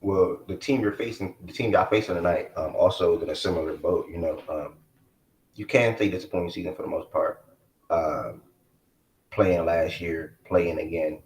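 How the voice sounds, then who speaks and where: Low male host, laid-back slangy stream chat, echoey room. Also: normal speed, a little mellow. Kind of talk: casual live stream chat.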